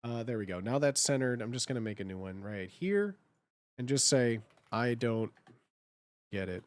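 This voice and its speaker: A man's voice: medium pitch, lively intonation, normal speed, dry recording. A man chatting casually on a live stream while he edits slides, thinking aloud and repeating his phrases.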